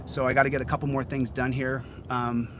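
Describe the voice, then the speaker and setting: A man's voice: mid-range voice, little pitch movement, brisk, noisy background. A man hosting a casual livestream outdoors, hot and sweating, talking in a rambling way with many repeated phrases. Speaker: livestreaming channel host. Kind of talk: casual live-stream chat.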